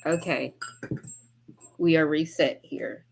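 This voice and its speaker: A woman's voice: medium pitch, expressive, moderate pace, a little hiss or hum. A woman tarot reader on a casual livestream, talking bluntly and chattily, swearing freely and laughing often. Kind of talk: casual livestream collective reading.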